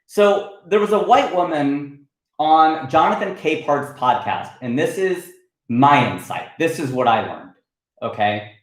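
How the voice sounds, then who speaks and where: Animated man riffing on a livestream. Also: fairly high pitch, measured pace, roomy sound, low-quality recording. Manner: animated, riffing, reads out viewer comments. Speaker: comedian hosting a weekly livestream. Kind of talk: casual livestream monologue.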